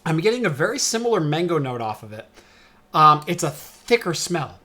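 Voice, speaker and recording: A man hosting a casual chat, relaxed and rambling, trailing off with "and whatnot". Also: a little high, moderate pace. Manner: relaxed, talks in long rambling runs with "and whatnot"; hiccupping now and then. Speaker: show host.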